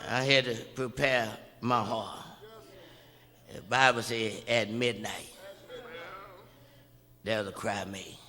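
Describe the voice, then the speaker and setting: A man preaching a sermon, stammering through repeated words and building from quiet talk up to loud shouts. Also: fairly low pitch, fairly even intonation, slow pace, pauses often, crowd noise. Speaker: pastor. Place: church sanctuary. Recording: long reverb of a church hall.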